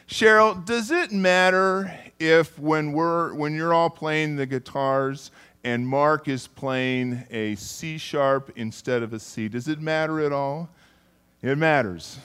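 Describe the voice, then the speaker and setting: A man's voice: fairly high pitch, measured pace, a bit bright. A middle-aged man preaching a sermon in a conversational way, calling on listeners by name and often repeating words. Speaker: pastor.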